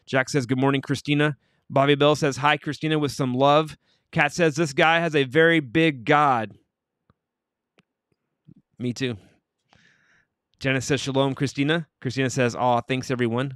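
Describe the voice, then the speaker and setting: A cheerful man hosts a morning livestream and reads the chat aloud, greeting each viewer by name. His voice is smooth and resonant at an ordinary pitch. He is close to the mic in a dry, dead room. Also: no room sound. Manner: cheerful, upbeat greetings, warm blessings to viewers. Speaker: livestream host.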